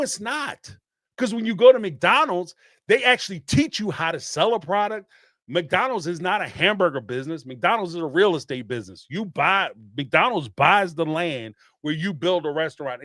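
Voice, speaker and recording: A man, hosting a podcast and ranting in an animated, emphatic way, with some swearing and repeated phrases. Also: sits high, no echo, studio quality. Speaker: podcast host. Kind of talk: casual commentary rant.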